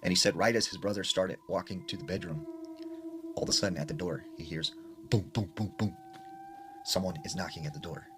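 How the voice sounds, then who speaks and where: A man's voice: low-pitched, fairly quick, over music. A man casually retelling a scary story he heard, talking in a loose, conversational way with lots of fillers. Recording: noisy ambient recording.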